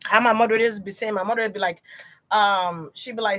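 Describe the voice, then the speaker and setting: A woman's voice: medium pitch, fairly even intonation, fast, fairly bright tone. A woman chatting casually to her viewers on a livestream tarot reading, slangy and direct.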